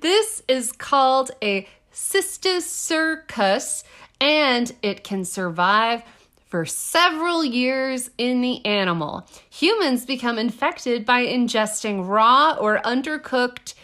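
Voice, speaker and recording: Expressive woman exclaiming in dismay. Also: on the high side, slow pace. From Texas. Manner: dramatic, exclaiming reactions. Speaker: podcast co-host. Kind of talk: casual chat.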